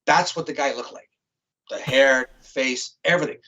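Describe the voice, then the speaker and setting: A man's voice: mid-range voice, moderate pace, pushed and bright. A man, a guest on a talk show, telling a story in a blunt, profane, casual way. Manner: blunt and profane, vivid retelling. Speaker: guest, psychic criminal profiler. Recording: dull lo-fi stream audio.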